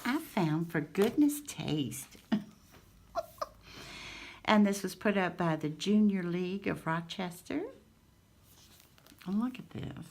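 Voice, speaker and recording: A woman's voice: on the low side, lively intonation, slow, pauses often, darkish tone, a little hiss or hum. An older woman hosting a craft channel, showing her finds in a gushing, sweet way with little laughs. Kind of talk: casual show-and-tell chat.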